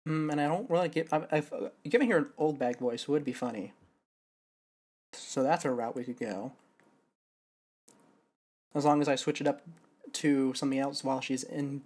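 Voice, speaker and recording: A young male streamer playing a game live, talking to himself between lines. His mid-range voice muses, hesitates and corrects itself as he thinks out loud. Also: mid-range voice, steady tone, normal speed, long pauses. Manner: musing, self-correcting, thinking aloud.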